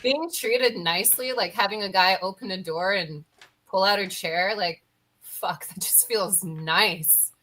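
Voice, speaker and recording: A woman guest on a casual podcast chat, speaking frankly and relaxed. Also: medium pitch, measured pace, slight background noise, low-quality recording.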